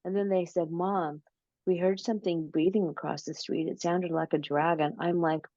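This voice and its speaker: A woman being interviewed, telling a long story slowly and casually, with many fillers and restarts. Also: lowish voice, fairly even intonation, dark tone, dry recording. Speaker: interview guest, paranormal researcher. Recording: dull lo-fi audio.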